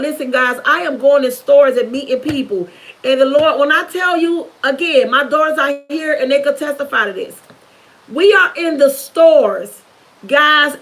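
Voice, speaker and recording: A woman's voice: high-pitched, pushed and bright, poor audio. A middle-aged woman, giving a fervent, preachy testimony on a livestream, repeating herself for emphasis. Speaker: YouTuber.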